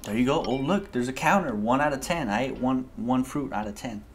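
A man hosting a gaming video, giving excitable, slangy let's-play commentary straight to his viewers. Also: mid-range voice, brisk, a little hiss or hum. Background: game music.

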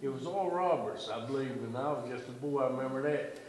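A man in the congregation chiming in with quiet, offhand remarks from the pews. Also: medium pitch, fast talker, crowd noise. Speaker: congregation member. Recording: echoey room, distant from the mic.

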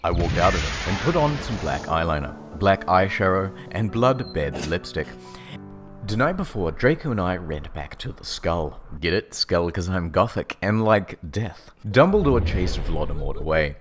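A man hosting and narrating a comedic dramatic reading, deadpan with sarcastic swoops. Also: low-pitched, moderate pace. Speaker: narrator and host. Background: music.

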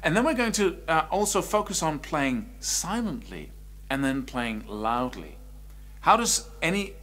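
Male guitar teacher, lively, slightly high voice, explains in an animated, conversational way. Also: a little slow, slight background noise. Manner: animated, swings between quiet and loud speech to demonstrate. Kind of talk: online music lesson.

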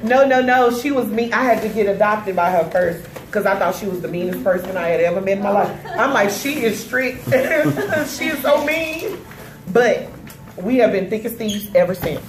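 Amid loud background noise in an echoey room at an indoor party, the guest of honor, a woman in her thirties, chats casually as she opens her gifts, gushing and laughing frequently. She speaks at normal speed in a medium-pitched voice.

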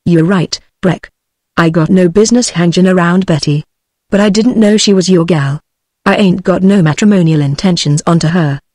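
A text-to-speech woman with a British English accent voicing a weepy, lovesick cowboy man, read in a flat synthetic way. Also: fairly low pitch, moderate pace, no room sound, clean studio sound, lightly acted.

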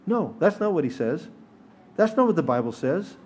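A man's voice: fairly high pitch, very animated, moderate pace, a little mellow, slightly rough. A man teaching a sermon at a synagogue service, earnest and emphatic, sometimes rising to exhortation. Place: synagogue sanctuary.

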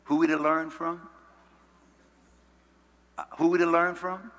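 A pastor with a bright, forceful voice preaches with call-and-response. His delivery swells into loud, high-pitched calls and then drops back to quiet, slow lines. The sound carries the long reverb of a church hall. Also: level tone. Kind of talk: sermon. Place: church sanctuary.

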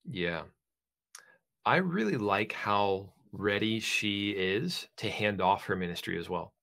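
A young man co-hosting a podcast, speaking in a relaxed, affirming, conversational way. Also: fairly low pitch, slow pace, gravelly. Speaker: podcast co-host. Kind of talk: casual conversation.

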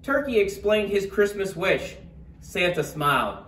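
Brief: man reading a bedtime story, slow and animated, roomy and off-mic. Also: high voice. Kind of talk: storybook read-aloud. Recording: roomy, distant, faint room noise.

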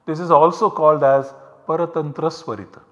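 A man's voice: fairly high pitch, steady tone, fairly quick, fairly bright tone, lo-fi sound. A male university lecturer giving a methodical, step-by-step academic lecture. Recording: long hall reverb.

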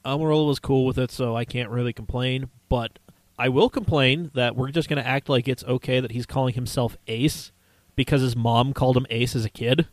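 A man's voice: medium pitch, steady tone, a little fast, no room sound. A man co-hosting a casual car podcast, sarcastic and swearing freely, recorded in a basement studio. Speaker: podcast co-host.

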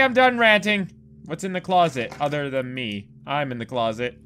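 A man's voice: on the high side, lively intonation, moderate pace, bright, forceful tone, clear, resonant tone. A young man giving jokey, swearing let's play commentary, ranting at the game. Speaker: gaming youtuber.

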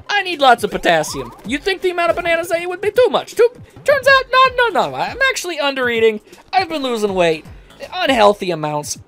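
A rambling giant gorilla who frets about his health, as a woman puts him on. The voice sits high and swings around a lot, chatty and loose rather than gruff. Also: a bit bright. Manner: rambling, casual.

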